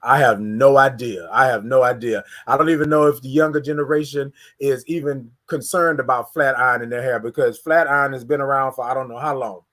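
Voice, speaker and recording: A man from Houston hosting a casual morning livestream, greeting viewers and hyping up the chat. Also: mid-range voice. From Houston, Texas. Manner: energetic, hypes the chat, drawn-out sung greetings. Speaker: livestream morning show host.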